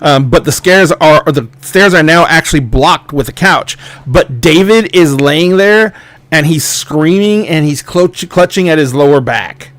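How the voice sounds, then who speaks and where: A male game master narrating a tabletop horror game, his voice a touch higher than most men's. He rambles through the scene with restarts and fillers. The sound is close and dry, with no room to it. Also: a little slow, a bit bright, no room sound.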